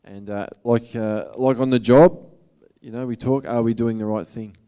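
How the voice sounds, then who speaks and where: A man's voice: mid-range voice, fairly even intonation, normal speed, mellow, smooth. A man with an Australian accent giving a motivational talk to an audience, in a casual, earnest, conversational way. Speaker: motivational speaker.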